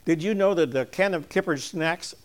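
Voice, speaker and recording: An older man with a slightly high voice talks to a church gathering in a homespun, storytelling way. He chuckles between points and drops to a soft, slow delivery when he turns earnest. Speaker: church speaker giving an object lesson. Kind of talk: folksy object-lesson talk to a congregation.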